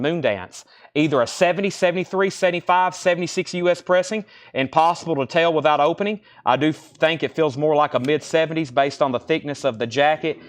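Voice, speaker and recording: Guy running a live record sale stream, quick patter, titles and prices one after another, mid pitched voice. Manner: brisk, rattles off titles, grades and prices.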